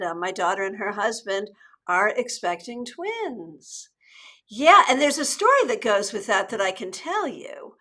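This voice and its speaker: Bright, chatty middle-aged woman host. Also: a little high. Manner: chatty, upbeat, with frequent restarts. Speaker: tarot reader and channel host. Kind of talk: live-stream chat.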